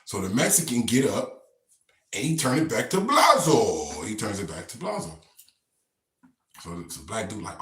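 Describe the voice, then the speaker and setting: Brief: slangy male storyteller, low voice, laid-back, echoey room. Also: very animated, normal speed, long pauses, a bit bright. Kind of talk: casual storytelling.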